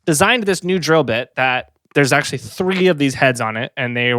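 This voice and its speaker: A man's voice: medium pitch, expressive, normal speed, pushed and bright, no echo, studio quality. A man co-hosting a casual podcast, telling a story with lots of fillers and restarts, a bit out of breath and slightly sick. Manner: rambling, many fillers and restarts, laughs easily. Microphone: podcast mic, pointed down.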